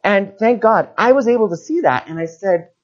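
A guest preacher giving an informal sermon as a personal story, animated and acting out the people in it. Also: medium pitch, moderate pace. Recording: dull lo-fi recording.

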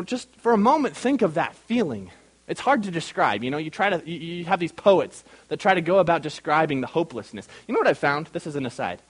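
High-voiced man teaching a Bible class. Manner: emphatic, questions the class and calls on listeners by name. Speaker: pastor.

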